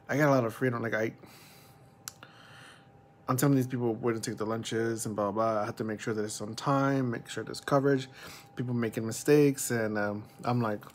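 A man's voice: mid-range voice, a little hiss or hum. A young man vlogging at home, chatting casually and rambling about his day and his cat. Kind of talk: casual chat to camera. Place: at home, pet cat nearby.

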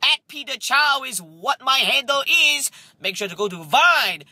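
A young man hosting a comedic vlog, ranting loudly and excitedly about his day. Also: extremely high pitch, unhurried. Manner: loud, excitable comic ranting. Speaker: vlogger.

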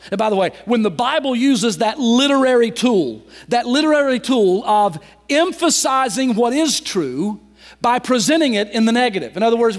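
A man preaching a sermon as pastor, swinging from loud emphatic lines to soft, slowly drawn-out phrases. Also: high voice. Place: church sanctuary. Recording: church hall reverb.

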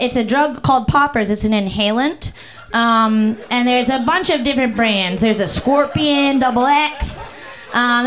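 A young woman doing improvised stand-up comedy, her voice pitched high and her delivery slow and drawn out. She riffs crude and brash off the crowd, throwing in squeals and goofy noises. She is on a club stage with a handheld mic.

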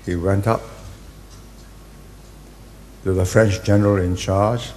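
Deep-voiced older man speaking. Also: fairly even intonation, a little hiss or hum. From Singapore. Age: 80s. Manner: deliberate, halting phrasing with forceful emphasis on key words. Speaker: invited speaker. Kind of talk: public speech.

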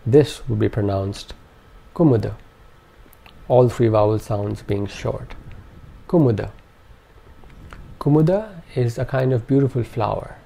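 Male voice-over teacher, mellow and slow, carefully enunciated lesson narration. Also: mid-range voice, vocal fry. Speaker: language teacher.

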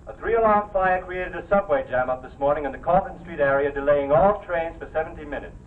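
An actor playing a radio newscaster reading local news in an even, formal way, heard from a radio set. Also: male voice, on the high side, brisk, close to an everyday voice. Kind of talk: 1940s TV drama acting. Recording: tinny distant radio broadcast sound.

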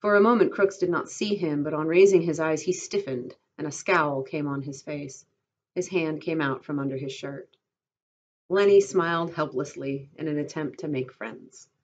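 Low-voiced woman teacher reading a novel aloud. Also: slight background noise. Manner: steady and clear, pausing to pose questions. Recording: dull lo-fi recording.

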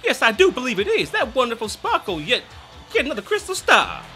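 A man's voice: very high voice, huge pitch swings, brisk, bright, forceful tone, faint music behind, voice pushed up, heavily acted. A man voicing a prim, theatrical female wind spirit who gushes in genteel old-fashioned exclamations while playing a video game. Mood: excited. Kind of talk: let's play character reading.

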